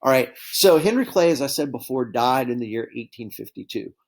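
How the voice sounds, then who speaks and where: A man teaching a history lesson in a relaxed, conversational way, often checking in with his students. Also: mid-range voice, a little fast, vocal fry. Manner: conversational, keeps addressing students as guys with frequent okay and right checks. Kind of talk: classroom lecture.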